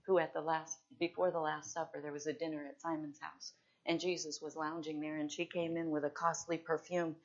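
A woman preaching a sermon with passion, swinging from hushed, slow phrases to loud, emphatic peaks. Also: on the low side. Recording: dull lo-fi recording.

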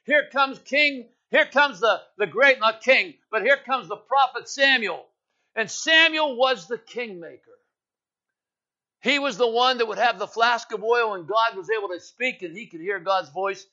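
A male preacher with a high, bright, cutting voice delivers an impassioned sermon. He climbs to loud, ringing peaks and then falls to near-whispered appeals. The recording is dull and lo-fi.

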